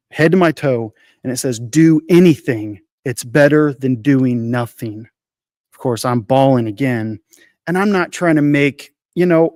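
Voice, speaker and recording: A man's voice: mid-range voice, darkish tone, no echo, clean studio sound. A man co-hosting a casual faith podcast, telling a personal story in an earnest, emotional way, repeating phrases and restarting often. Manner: frequent restarts and fillers. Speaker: podcast co-host.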